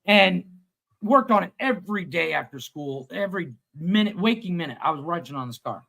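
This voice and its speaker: A man in his thirties co-hosting a casual livestream chat, telling a long story with lively acted-out quotes and plenty of swearing. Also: high voice, fairly quick, creaky, rough recording. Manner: animated storyteller, acts out quotes, swears freely. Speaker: podcast co-host.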